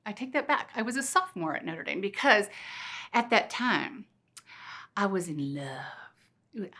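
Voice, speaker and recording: Bright-voiced playful woman speaker. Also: mid-range voice. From Missouri. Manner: energetic, playful storyteller with rhetorical questions. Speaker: keynote speaker. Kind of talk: motivational talk. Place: conference stage.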